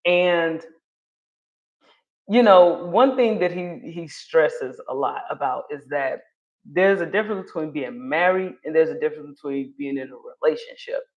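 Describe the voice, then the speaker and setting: A woman's voice: low voice, moderate pace, highs cut off. A woman in her thirties giving casual commentary on a clip, talking in a chatty way with many fillers and frequent laughs. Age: 30s. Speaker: vlogger reacting to a clip.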